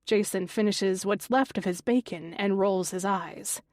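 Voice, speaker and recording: A woman reads a suspense audiobook in the first person, steady and even. She sits close to a studio microphone in a dead, dry booth with no room sound. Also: medium pitch, a little slow, few pauses, no room sound. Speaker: audiobook narrator. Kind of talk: first-person thriller narration.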